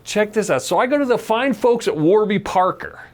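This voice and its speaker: High, lively-voiced joking male podcast host. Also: a little fast. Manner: jokey, rambling, laughs often. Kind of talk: casual chat.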